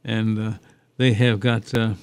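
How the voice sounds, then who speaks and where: A man's voice: lowish voice, level tone, unhurried, smooth, dry recording. A man hosting a casual radio talk show, rambling and hesitant with lots of fillers and opinions.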